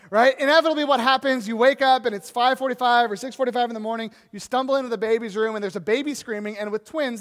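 A man in his thirties with a fairly high voice preaches to a congregation. He tells his stories with animation and acts out the scenes as he goes. His voice rings out with a long reverb through a large church hall. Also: a bit bright. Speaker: pastor. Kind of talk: sermon.

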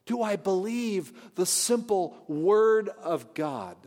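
A high-pitched man preaches to his congregation with earnest, searching questions. His voice swings from loud declarations to hushed asides. A long church reverb trails every phrase. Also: lively intonation, slow pace. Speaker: pastor. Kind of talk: sermon. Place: church sanctuary.

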